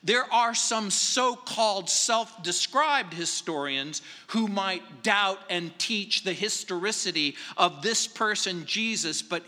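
A man delivering a verse-by-verse sermon as a pastor, measured and emphatic, stressing phrases slowly. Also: high voice, animated, bright, forceful tone, big-room sound. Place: church sanctuary.

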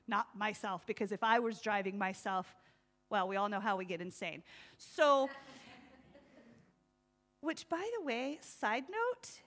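A woman preaching a sermon in a lively, conversational way, laughing often and acting out voices. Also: mid-range voice, a little slow, pauses often.

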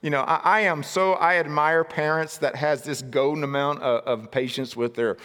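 A man preaching a sermon in a casual, jokey storytelling way, breaking into shouted outbursts. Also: on the high side, steady tone, moderate pace, big-room sound. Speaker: pastor.

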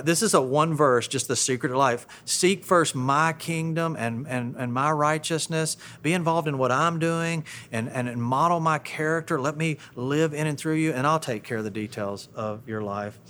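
A man's voice: medium pitch, fairly bright tone, slight background noise. A middle-aged man preaching a sermon in a conversational way, often repeating words as he restarts. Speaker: pastor.

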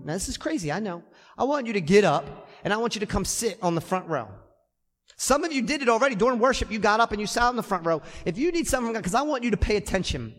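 A man preaching a sermon as pastor in a church, emphatic and repeating key phrases. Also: high-pitched. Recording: long reverb of a church hall.

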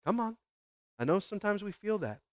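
A man with a high voice preaches with swings from hushed asides to loud, emphatic bursts. He keeps asking the congregation questions and often repeats words as he restarts. The sound is dry and close. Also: brisk, no room sound. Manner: lively preaching with call-and-response questions. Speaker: pastor. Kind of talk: sermon.

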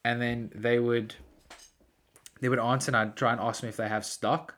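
A man telling prank-call stories in casual chat, animated and laughing often. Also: mid-range voice, moderate pace. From South Africa.

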